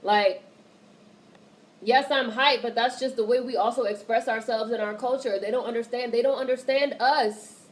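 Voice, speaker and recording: Blunt, animated woman streamer, slightly high voice. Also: normal speed, rough recording. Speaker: livestreamer reading chat. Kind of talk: casual livestream commentary.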